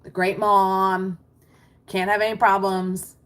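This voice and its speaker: A woman's voice: medium pitch, flat delivery, slow, a bit bright. A middle-aged American woman coaching live on a stream, chatty and reassuring as she reads questions and replies to the chat. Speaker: mindset business coach. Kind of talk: livestream coaching talk.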